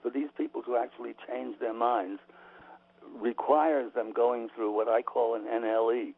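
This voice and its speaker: Gravelly man on a phone line. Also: mid-range voice, fairly even intonation, moderate pace. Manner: emphatic, opinionated, with frequent restarts. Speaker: author and guest. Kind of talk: radio interview. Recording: tinny phone-line audio.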